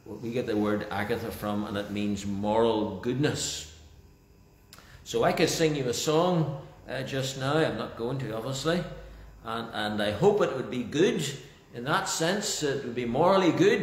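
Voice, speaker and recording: A male pastor praying and then preaching a sermon in church, slow and deliberate, lingering over key phrases. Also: medium pitch. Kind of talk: sermon with opening prayer. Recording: roomy church echo.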